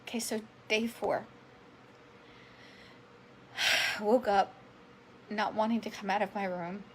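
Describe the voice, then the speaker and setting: Speaking slowly in a medium-pitched, slightly bright voice with fairly even intonation, a woman in her forties relates her health story on a live stream. Emotional and chatty, she calls herself a drama queen and greets viewers by name; there's slight background noise and poor audio.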